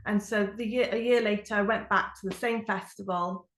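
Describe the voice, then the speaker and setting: A woman's voice: mid-range voice, steady tone, moderate pace, a bit bright, roomy sound. A woman giving an earnest, reflective personal testimony as a Christian speaker, with frequent fillers.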